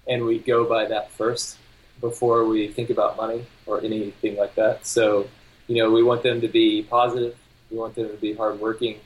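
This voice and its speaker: Male guest, wedding photographer, level monotone delivery, easygoing. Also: medium pitch, rough recording. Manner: laid-back, self-deprecating, laughs easily. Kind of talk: casual interview.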